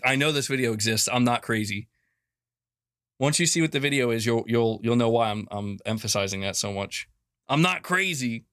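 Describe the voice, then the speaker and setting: A man's voice: medium pitch, a bit bright, clear, resonant tone, no room sound, studio quality. A man hosting a gaming news show in casual chat, rambling, exasperated and jokey.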